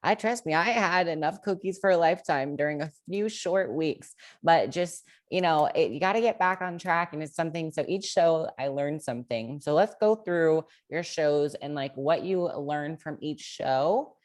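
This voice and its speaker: A woman's voice: deep voice, normal speed, hardly any pauses. A woman hosting a casual podcast interview, asking loose questions full of fillers. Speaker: podcast host.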